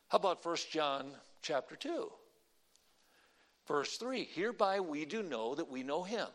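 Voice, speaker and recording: A man preaching a sermon, quoting scripture and swinging between emphatic outbursts and quiet lines. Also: high voice.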